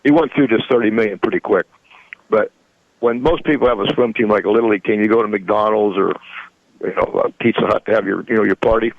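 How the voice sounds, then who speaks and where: Gravelly older man spinning rambling yarns. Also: fairly low pitch, quick pace, no room sound, muffled recording. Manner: rambling, chuckling, folksy grammar. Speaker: guest. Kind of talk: casual storytelling.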